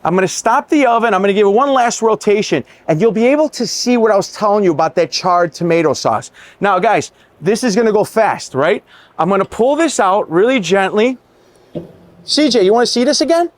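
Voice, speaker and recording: A man's voice: sits high, lively intonation, fairly quick, dry recording. A middle-aged man, a chef giving an enthusiastic, chatty cooking demonstration and talking straight to his viewers.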